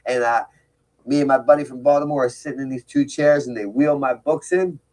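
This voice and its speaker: A man's voice: medium pitch, a little fast, a little mellow, low-quality recording. A man giving a candid, emphatic talk about his past, with frequent rhetorical asides. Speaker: speaker telling his recovery story. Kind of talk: personal storytelling talk.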